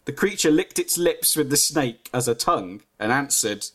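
A man's voice: mid-range voice, expressive, normal speed, a bit bright. A man reading his own story aloud on a podcast, giggly and self-mocking, breaking off to comment.

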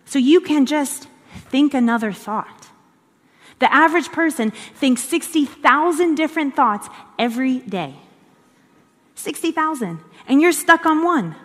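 A woman's voice: sits high, lively intonation, unhurried. Earnest woman teaching in a reverberant hall. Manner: earnest, repeats phrases for emphasis. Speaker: devotional teacher. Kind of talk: conversational devotional teaching.

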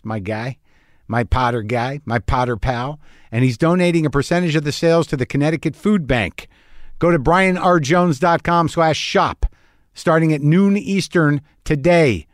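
A man's voice: medium pitch, dry recording, studio quality. A middle-aged man hosting a podcast from his garage, talking in a wry, playful, riffing way. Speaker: podcast host. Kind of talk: casual podcast monologue. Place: home garage studio.

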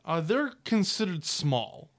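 A man narrating a tabletop game as game master, describing scenes in a relaxed way with fillers and pauses. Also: high-pitched.

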